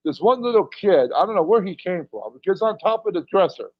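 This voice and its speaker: Middle-aged male wrestler guest, rambling storyteller, slightly high voice, dry dull audio. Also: big pitch swings, a little fast, no room sound. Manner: rambling storyteller, chuckles between lines. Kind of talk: casual anecdote telling.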